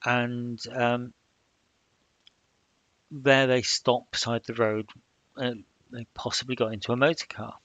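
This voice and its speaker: A man plays through a solo tabletop game, narrating slowly and hesitantly with frequent fillers. His voice is dry and dull, recorded at a home desk with keyboard clicks behind him. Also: mid-range voice, flat delivery, a bit bright, dry recording. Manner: halting, with many fillers. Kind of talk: solo role-play narration.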